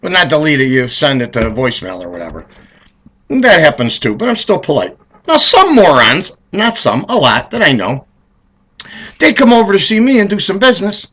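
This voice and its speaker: Animated rambling middle-aged man. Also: high voice. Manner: rambling, animated storyteller, acts out voices. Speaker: car dealer telling stories. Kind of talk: comedic monologue.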